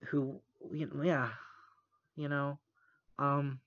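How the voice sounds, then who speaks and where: A man's voice: a little high, little pitch movement, dry recording. Earnest man on a muffled call. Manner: earnest, halting, near tears. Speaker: podcast co-host. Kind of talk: casual chat. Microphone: internet call. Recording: muffled dry call recording.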